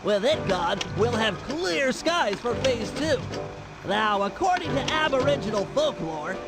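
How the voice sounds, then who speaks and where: A man's voice: very high voice, sing-song, unhurried, heavily acted. A man voicing a brainy male turtle who lays out a plan in a methodical, explanatory way. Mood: briefing. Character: brainy male turtle planner, nerdy and precise. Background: game music.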